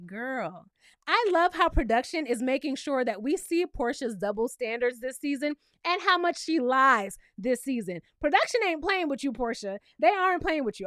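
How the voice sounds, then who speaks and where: Brooklyn woman with a New York accent, high-pitched and sassy, chatty reality-show recapper recorded dry and close. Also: fairly bright tone, dry recording. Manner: sassy, chatty, often asks the viewer "okay?".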